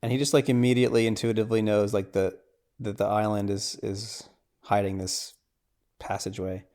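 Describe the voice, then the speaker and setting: A podcast host casually recaps a film scene by scene, using lots of "like" and "right?" and dropping to a hush for tense moments. His voice is lowish, his delivery flat, and his pace moderate.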